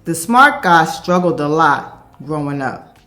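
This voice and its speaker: A woman host giving scripted narration in a measured, declarative storytelling manner. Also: low voice, lively intonation, bright, forceful tone, soft background music.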